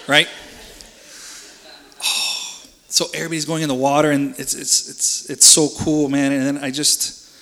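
A man's voice: fairly high pitch, flat delivery, normal speed, sharp tone, slight background noise. A man giving an emotional personal faith testimony in casual, earnest speech, often repeating words. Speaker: church member giving a testimony. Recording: reverberant hall.

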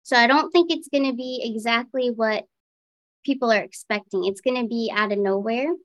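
Female tarot reader, bit high-pitched, dry mic, easy musing delivery. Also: normal speed, no room sound. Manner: relaxed, thinking aloud while reading cards. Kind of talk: casual tarot reading.

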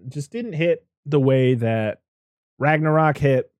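A man in casual podcast chat, rambling and animated, swearing often as he reviews a film. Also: fairly high pitch, slow, clear, resonant tone, no room sound, clean studio sound.

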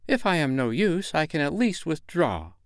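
Man doing a prim young girl, courteous and motherly, raised pitch, storybook voice. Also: wildly swooping pitch, normal speed, dry recording, clean studio sound. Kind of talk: storybook character voice.

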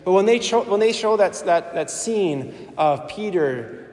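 A man's voice: high-pitched, lively intonation, a little slow, darkish tone. A man preaching a sermon in a church, earnest and conversational, repeating phrases for emphasis. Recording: echoey church with long reverb.

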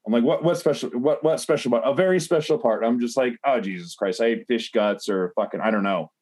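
A man in a casual podcast chat spins a rambling anecdote, cursing often and leaning on fillers. His voice sits at an ordinary middle pitch. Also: fairly even intonation, a little fast, a little mellow. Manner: rambling, heavy swearing, many fillers like "like". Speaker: podcast host telling a story.

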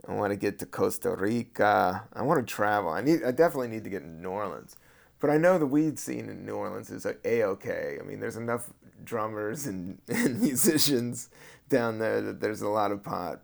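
A man hosting his own podcast as a comedian, talking in a loose, meandering way with casual swearing, a little high. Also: moderate pace, creaky. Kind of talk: casual rambling podcast monologue.

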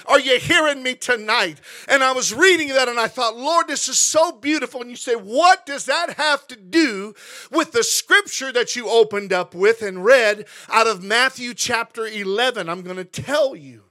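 A man's voice: very high-pitched, moderate pace, sharp tone. A middle-aged man preaching a sermon in church as pastor, emotional and fervent, often repeating phrases. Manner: emotional, preaching with rising fervor and repetition.

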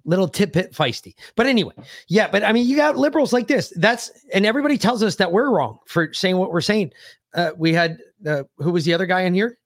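A man's voice: high voice, lively intonation, a little fast, no echo, studio quality. A man co-hosting a political podcast, ranting in a heated, profane way. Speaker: podcast co-host. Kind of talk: casual political podcast chat.

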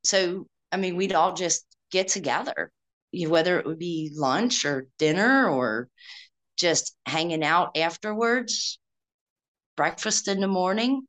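Female veteran guest, lowish pitch, sincere and reflective. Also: animated, a little slow, fairly bright tone. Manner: earnest, reflective storytelling. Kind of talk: casual interview.

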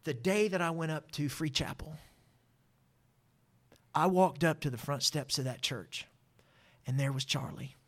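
A man, a guest telling a personal testimony with lively acted-out dialogue. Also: on the high side, unhurried, long pauses. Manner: animated, acts out voices in his story. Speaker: interview guest. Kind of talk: storytelling testimony.

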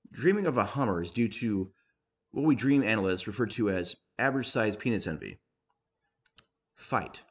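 A man with a fairly low voice reads comic short pieces aloud. His delivery stays dry and matter-of-fact, letting the jokes land on their own. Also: slightly rough. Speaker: reader. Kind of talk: reading humorous writing aloud.

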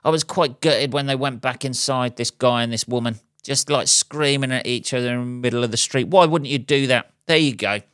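A man's voice: mid-range voice, a little fast, hardly any pauses, a bit bright, no echo, studio quality. A man hosting his own podcast, rambling through a profane, wry monologue with chuckling asides. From England. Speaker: podcast host and comedian.

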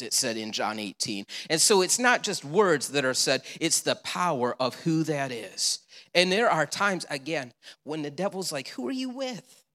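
A male pastor preaching a sermon, animated and storytelling, with rhetorical questions and repeated answers. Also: a little high, big-room sound.

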